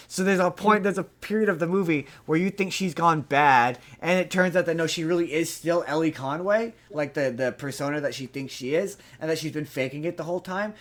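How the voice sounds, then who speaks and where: A man's voice: fairly high pitch, a bit bright. A man co-hosting a podcast in casual chat, giving a rambling, profane recap of a movie plot. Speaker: podcast co-host.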